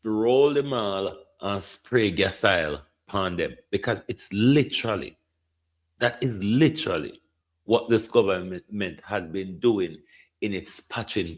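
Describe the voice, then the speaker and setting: A Jamaican man giving indignant political commentary, slipping between patois and standard English. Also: lowish voice. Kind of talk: opinion commentary.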